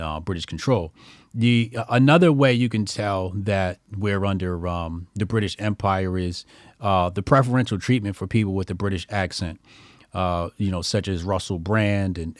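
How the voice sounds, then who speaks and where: A man's voice: lowish voice, no room sound, clean studio sound. A man hosting a livestream, reading viewer comments aloud and rambling with many fillers and restarts. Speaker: livestream host.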